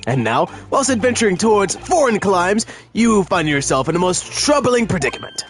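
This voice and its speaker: A man putting on a pompous, high-flown game detective. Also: big pitch swings, moderate pace, faint music behind. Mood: grandiose. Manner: theatrical, lofty, old-fashioned formal phrasing. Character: pompous eccentric male detective, grandly self-assured. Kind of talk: video game voice-over dub.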